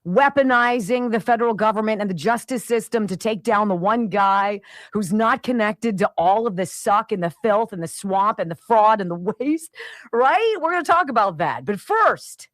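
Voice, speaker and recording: A woman's voice: medium pitch, expressive, moderate pace, no room sound. A middle-aged woman hosting a talk radio show, venting in an opinionated monologue and mimicking sounds and voices. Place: home studio with camera. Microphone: studio mic.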